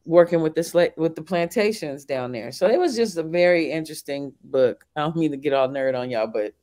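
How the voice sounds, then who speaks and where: High-voiced, laid-back chatty man. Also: lively intonation, fairly quick, darkish tone. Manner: laid-back, chatty, nerdy asides, laughs often. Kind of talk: casual podcast chat.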